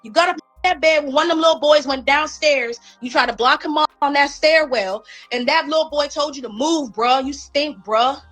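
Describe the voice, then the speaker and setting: A woman from Northern Virginia, a commentary streamer, delivers casual gossip commentary that is blunt and mocking, repeating phrases for emphasis. Her high-pitched, slightly bright voice moves at normal speed with few pauses. Faint music plays behind her in the low-quality recording.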